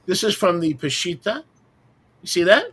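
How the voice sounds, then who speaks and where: Guy with a pretty high voice leading a bible roundtable, emphatic, keeps asking who asked you type questions. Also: sing-song, normal speed, a bit bright, slightly rough. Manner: emphatic, fires rhetorical questions, mocking asides. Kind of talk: roundtable teaching discussion.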